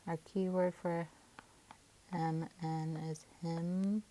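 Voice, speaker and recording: Woman teacher, phonics lesson, slow and patient, mellow low voice, faint hiss behind. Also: flat delivery. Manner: patient, sounds out syllables slowly.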